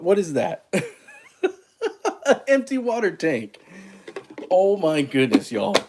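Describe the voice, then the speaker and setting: A man's voice: medium pitch, a little mellow. Chatty self-mocking man. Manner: self-deprecating, chatty, laughs at himself. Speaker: coffee channel host. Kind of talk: casual livestream chat while making espresso.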